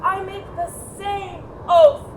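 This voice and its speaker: A woman playing a cold scheming mother, high and slow. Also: flat delivery, a little mellow, slight background noise, rough recording. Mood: instructing. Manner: slow, commanding and controlled. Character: cold, scheming, power-hungry mother of a grown son. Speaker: stage actor. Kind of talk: stage play performance.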